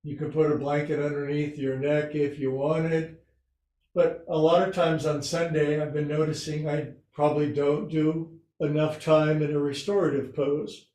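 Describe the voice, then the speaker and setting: Male yoga teacher at home, playful and talkative, slightly high voice, recorded in a roomy echo. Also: level tone, normal speed, warm tone. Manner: chatty and joking, self-mocking asides. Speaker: yoga instructor. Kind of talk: guiding a restorative yoga class. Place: home room with couch and recliner. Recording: echoey room.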